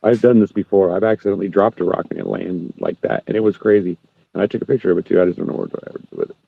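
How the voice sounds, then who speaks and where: A man in casual chat, talking fast and cursing a lot, his pitch jumping up when he gets worked up. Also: vocal fry, slightly rough, dry recording, narrow, tinny audio. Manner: profane, ranting, quick, jumps up in pitch when worked up.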